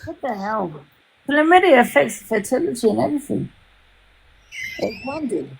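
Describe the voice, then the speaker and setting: A woman's voice: fairly high pitch, expressive, moderate pace, gravelly, husky, poor audio. A woman hosting a casual livestream chat, rambling and swearing freely, with many restarts.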